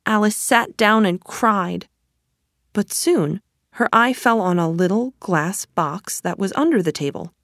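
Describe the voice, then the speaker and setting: A woman reading a children's story aloud in a gentle, deliberate storytelling manner. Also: mid-range voice, animated, no echo, clean studio sound. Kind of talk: slow storybook narration.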